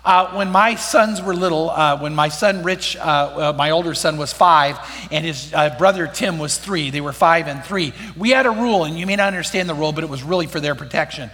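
Middle-aged preacher, high bright voice, storytelling sermon style, long reverb from a church hall. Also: male voice, fairly quick, few pauses. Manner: storytelling with rhetorical questions to the congregation. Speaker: pastor.

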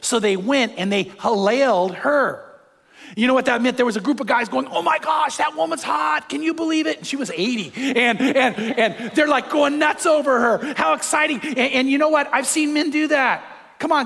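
An older man, a pastor and grandfather, preaching a sermon with animated storytelling and acted-out quotes. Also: very high-pitched, moderate pace, gravelly. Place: church hall with long reverb. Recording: reverberant hall.

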